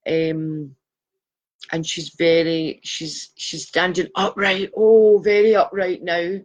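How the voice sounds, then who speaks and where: A woman's voice: lowish voice, level tone, slow pace. A woman giving live psychic readings, chatty and affectionate, calling viewers darling. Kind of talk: live-stream chat reading viewers' photos.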